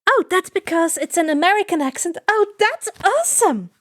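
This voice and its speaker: A woman voicing an excitable young female demigod in a fan fiction reading, eager and full of questions. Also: sits high, measured pace, dry recording, studio quality, pitched above the performer's own voice. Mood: excited.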